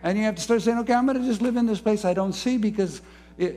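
A man preaching a sermon, moving between soft, low musing and rising, fervent emphasis. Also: fast talker. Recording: faint music behind.

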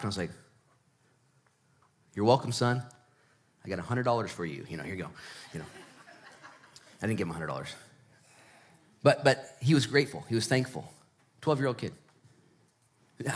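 Casual preacher guy, jokes around, swings from hushed to loud and excited. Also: medium pitch. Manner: swings between hushed, slow emphasis and loud, excited stretches; conversational, joking preacher. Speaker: pastor. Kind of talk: sermon.

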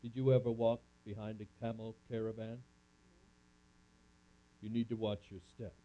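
A man's voice: fairly low pitch, level tone, moderate pace. A man giving a first-person dramatic monologue as a camp speaker, talking with an audience volunteer in a theatrical way. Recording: muffled lo-fi recording.

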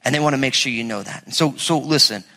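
A man, a pastor, preaching a lively, conversational sermon with humor in a church. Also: mid-range voice, fast, long reverb tail.

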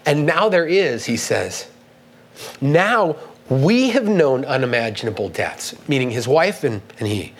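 A man's voice: mid-range voice, big pitch swings, rough recording. Earnest man preaching a sermon. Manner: earnest, halting, with restarts and emphatic read quotes. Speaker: pastor.

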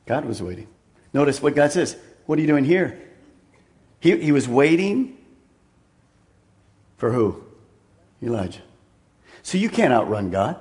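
A man preaching a sermon, swinging from loud, raised emphasis down to a hushed near-whisper and repeating words as he drives points home. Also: mid-range voice, big pitch swings, measured pace, pauses often. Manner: repeats words and restarts mid-phrase. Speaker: pastor.

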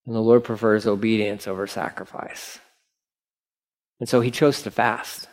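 A man teaching the Bible in a relaxed, conversational way, often saying "like" as he reads scripture aloud and retells it. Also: fairly low pitch, normal speed, pauses often.

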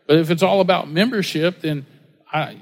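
A man with a rather high voice preaching a sermon in a loose, chatty way. He slips into quick impressions while telling stories. His voice rings out with a long reverb, as in a church sanctuary. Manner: conversational, storytelling with acted-out quotes. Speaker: pastor.

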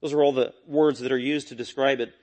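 A man preaching an expository sermon, emphatic and repetitive, swinging from loud peaks to quiet low lines. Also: steady tone, fairly quick. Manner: repetitive, stressing key phrases.

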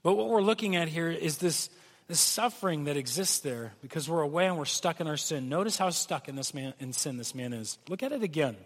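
High-voiced preaching man in a reverberant hall. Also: animated, fairly quick. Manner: earnest preaching, acts out pleading quotes. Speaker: pastor. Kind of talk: sermon.

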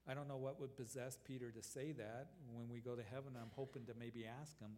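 A man delivers an earnest expository sermon, the long reverb of a church sanctuary trailing his words. He reads scripture and acts out quick lively asides. His voice sits at a middle pitch. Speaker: pastor.

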